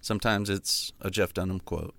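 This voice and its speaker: A man's voice: sits low, steady tone, moderate pace, creaky, dry recording. A man from California hosting a podcast, chatting playfully and improvising rap rhymes. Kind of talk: casual chat with improvised rap. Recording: loud hip hop music behind.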